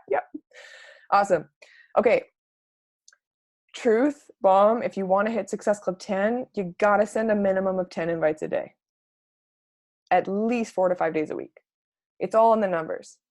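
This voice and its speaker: A young adult woman giving a casual, upbeat coaching talk, chatty and full of "like", acting out sample messages in a brighter voice. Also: medium pitch, vocal fry, no echo. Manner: peppered with "like" and mild swearing. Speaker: network marketing coach. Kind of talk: casual live training talk.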